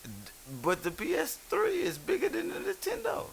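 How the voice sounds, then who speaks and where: A man's voice: extremely high pitch, huge pitch swings, normal speed, gravelly, slight background noise. A man in casual podcast chat, loose and profane, telling stories with friends. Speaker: podcast co-host.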